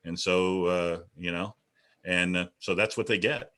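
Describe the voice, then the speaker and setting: Veteran male radio host, deep and bright, projecting strongly. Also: fairly even intonation, a little slow, clean tone. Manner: projecting, booming delivery. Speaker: radio broadcaster. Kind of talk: panel discussion over video call.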